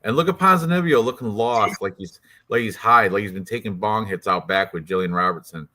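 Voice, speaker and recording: A man's voice: fairly low pitch, brisk, pushed and bright. Rambling swearing man picking fights. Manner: rambling, swearing, laughs often. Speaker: co-host of a fight picks show. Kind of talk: casual banter on a livestream.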